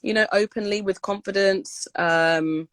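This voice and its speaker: A woman's voice: mid-range voice, fairly even intonation, a little slow, a bit bright, no echo. A young woman, a guest in a casual interview, talking in an upbeat, loose way with many fillers and repeated words. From United Kingdom.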